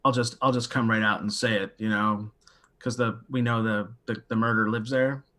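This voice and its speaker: A man's voice: lowish voice, fairly even intonation, moderate pace, fairly bright tone. A man playing in a tabletop role-playing game, plainly declaring what his character does. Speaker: player.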